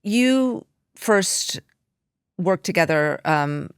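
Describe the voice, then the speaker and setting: A woman's voice: on the low side, expressive, very slow, smooth, dry recording, clean studio sound. A young adult woman interviewing a guest with curious, brief questions and follow-ups.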